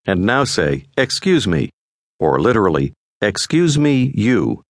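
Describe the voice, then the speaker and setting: A man narrating a scripted language lesson in a measured, patient teaching manner. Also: fairly low pitch, sing-song, dry recording, clean studio sound. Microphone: close studio mic.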